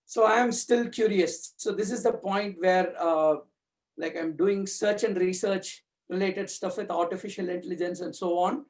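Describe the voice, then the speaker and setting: A man's voice: high voice, steady tone, normal speed. A man giving a thoughtful personal talk about his spiritual reading, searching for words with frequent fillers and restarts. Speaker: community speaker.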